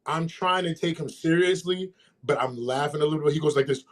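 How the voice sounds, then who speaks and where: A man co-hosting a podcast, telling stories in a casual, animated way and laughing as he goes. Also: on the high side, brisk. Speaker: podcast co-host. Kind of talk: casual storytelling chat.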